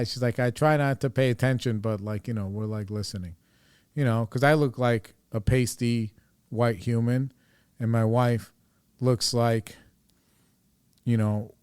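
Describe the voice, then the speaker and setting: A man's voice: mid-range voice, a little mellow, clear, resonant tone, no echo. A man hosting a podcast, telling a personal story in a casual, rambling way, full of fillers and swearing. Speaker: podcast host.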